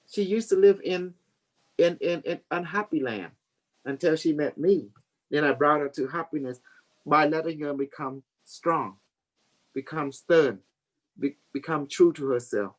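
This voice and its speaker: A man's voice: fairly high pitch, low-quality recording. A man hosting a casual teaching talk for his community. He rambles, repeats words and laughs often. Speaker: community leader and host.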